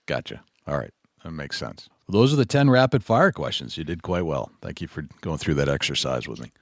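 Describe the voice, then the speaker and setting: A man hosting a podcast interview, firing off quick questions and answering with short, soft acknowledgments. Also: rumbling low, very animated, dry recording, clean studio sound. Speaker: podcast host.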